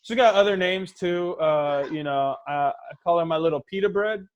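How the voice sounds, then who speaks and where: A man's voice: sits high, moderate pace, highs cut off. A man in his thirties doing a stand-up set over a video call, telling casual, profane stories and acting out the voices of the people in them. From Los Angeles. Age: 30s. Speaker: stand-up comedian.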